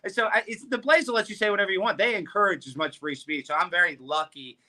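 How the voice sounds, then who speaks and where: A man on a talk show as a guest, delivering brash comedic rants in a rapid, loud way. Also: high-pitched. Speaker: guest commentator.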